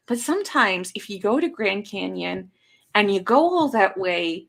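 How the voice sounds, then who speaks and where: A woman's voice: medium pitch, sing-song, a little slow, vocal fry, fairly bright tone. A woman co-hosting a live podcast, telling stories in a rambling, casual way with lots of fillers. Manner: rambling, filler-heavy storytelling. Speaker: podcast co-host. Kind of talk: casual live-stream chat.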